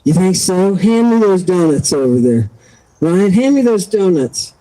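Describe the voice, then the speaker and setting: A man's voice: sits high, very animated, measured pace, warm tone, low-quality recording. A man playing a wisecracking cop who muses aloud over donuts. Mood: joking.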